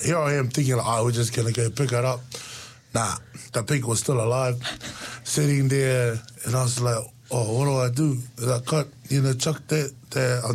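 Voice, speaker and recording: A man, casually telling stories as a guest and laughing often. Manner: lively, laughs often, jumps into high voices for quoted lines. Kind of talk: casual storytelling chat.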